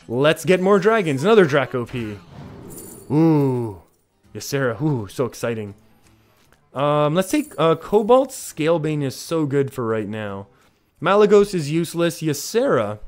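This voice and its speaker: A man streaming a card game, chatting casually with his viewers and reacting with excitement to each play. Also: a little high. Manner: chatty, reads chat aloud, excitable. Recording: faint music behind.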